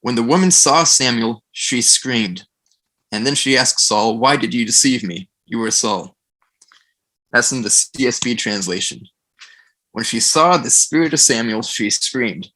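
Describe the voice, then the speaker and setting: A man guesting on a casual podcast discussion speaks with a bright, forward, medium-pitched voice that's quite expressive. He retells stories with animation, briefly slipping into character voices for quoted lines.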